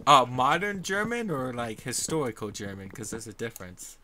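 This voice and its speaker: A male stream host who teases his guest and trips over hesitant fillers in a casual chat. His voice is bright and clear, with a faint hiss of noise behind it. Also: medium pitch, very animated, normal speed. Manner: teasing, often hesitant with fillers.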